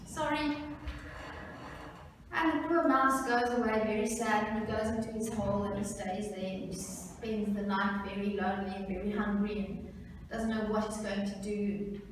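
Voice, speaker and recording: A woman workshop facilitator telling a fable to students in a lively, animated way. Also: medium pitch, moderate pace, slight background noise. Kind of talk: storytelling to students. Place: large school hall. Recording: echoey hall, voice from far off.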